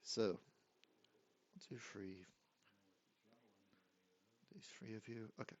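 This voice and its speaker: A man's voice: fairly low pitch, slow, a little mellow, highs cut off. A man running a tabletop game as dungeon master, counting out dice rolls and reading rules, often laughing.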